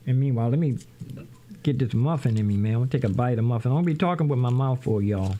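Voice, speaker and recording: A middle-aged man chats his way through a livestream from a home studio, rambling and casual, calling out to viewers as he works. His voice is mellow and relaxed, without much edge. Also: mid-range voice, quick pace, a little hiss or hum. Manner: rambling, talks to viewers as "y'all". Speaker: livestream host, musician. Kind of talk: casual livestream chat while setting up music software.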